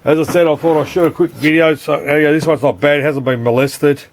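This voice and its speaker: A man's voice: a little high, steady tone, a little fast, a little hiss or hum. An Australian man who repairs arcade boards, chatting casually and rambling, swearing freely and calling the viewer mate. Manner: rambling, swears often, keeps saying "mate". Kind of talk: casual unscripted video chat.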